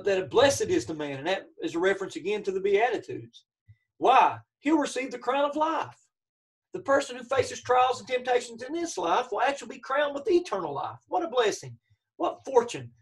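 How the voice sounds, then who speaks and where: A man's voice: high-pitched, distant mic. A man teaching a church Bible study lesson, emphatic, repeating key phrases and checking in with his listeners.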